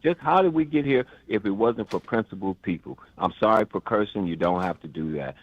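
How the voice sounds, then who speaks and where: A man's voice: on the low side, animated, brisk, dry recording. An older man from the Chicago area calling in to a radio show, emotional and rambling, stammering and repeating himself. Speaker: caller. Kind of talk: impassioned call-in rant. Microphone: phone. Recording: dull phone line.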